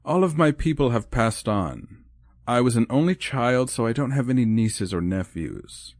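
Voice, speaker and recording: For an audiobook, a man with a medium-pitched, slightly mellow natural voice pushes it higher to play a lonely, proper older woman. He's animated at a moderate pace, yet her speech is formal, hesitant, and wistful. It's studio quality with no room sound.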